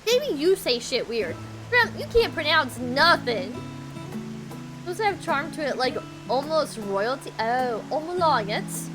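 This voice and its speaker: A woman's voice: high voice, big pitch swings, measured pace, over music. A woman with a Texan accent, chatting playfully and giggling as she streams a game. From Texas. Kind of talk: casual live-stream chat while gaming.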